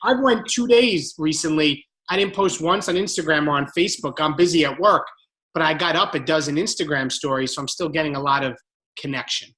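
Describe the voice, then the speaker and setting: A man's voice: a little high, brisk, bright, forceful tone. A man hosting a casual team call as a fitness coach, speaking candidly in long run-on stretches.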